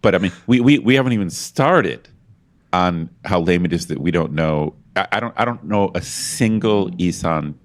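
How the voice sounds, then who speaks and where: A man's voice: low-pitched, lively intonation, moderate pace. A man co-hosting a podcast in casual chat, rambling and self-deprecating with lots of restarts. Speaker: podcast co-host.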